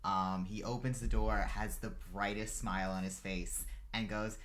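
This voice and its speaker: A man's voice: on the low side, level tone, moderate pace, a bit bright. A man narrating a tabletop role-playing game as game master, loose and filler-heavy.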